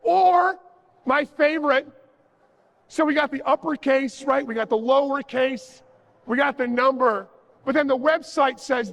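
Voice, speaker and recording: A man's voice: very high voice, a little slow, creaky, a bit bright. A man giving a jokey, sarcastic conference talk on stage, acting out little dialogues as he goes. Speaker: conference speaker. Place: large conference hall. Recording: reverberant conference hall.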